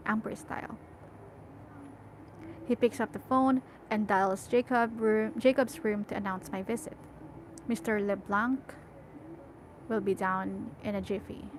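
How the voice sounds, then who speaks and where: A woman's voice: mid-range voice, a little hiss or hum, rough recording. A young woman reading a novel aloud, often correcting herself and stopping to chat about how emotional the story makes her. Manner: emotional, self-correcting, chatty. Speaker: audiobook reader.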